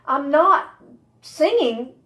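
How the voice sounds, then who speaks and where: A woman's voice: sits high, lively intonation, drawn-out words, sharp tone. Candid woman voice student, roomy room. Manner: candid, hesitant, restarts often. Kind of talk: casual chat in a lesson.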